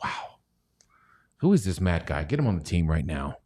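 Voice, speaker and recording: A man's voice: deep voice, sing-song, normal speed, a little mellow. A man hosting a casual stock livestream, rambling and joking, sometimes dropping to near-whispers. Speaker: stock show host; chemist.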